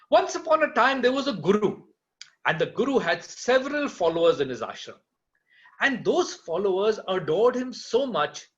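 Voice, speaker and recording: Animated man telling a folk tale. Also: high-pitched. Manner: animated, playful asides to listeners. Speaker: storyteller. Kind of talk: oral folk-tale storytelling. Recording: dull lo-fi recording.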